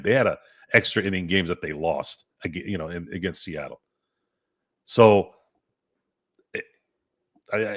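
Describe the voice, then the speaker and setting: A man's voice: on the low side, fairly bright tone. A man hosting a live-stream sports chat, ranting and cursing in a fired-up way. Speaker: sports podcast host.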